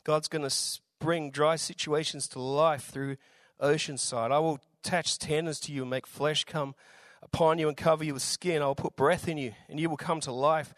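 A man with an Australian accent and a slightly raspy voice, preaching a sermon in a relaxed, jokey way with lots of fillers. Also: on the high side, moderate pace, few pauses, no room sound. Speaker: visiting preacher.

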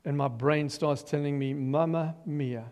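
A man's voice: a little high, measured pace. Older man preaching in a reverberant hall. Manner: animated storyteller, acts out quotes, bursts of loud emphasis. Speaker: preacher giving his testimony. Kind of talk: testimony sermon. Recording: long reverb of a large hall.

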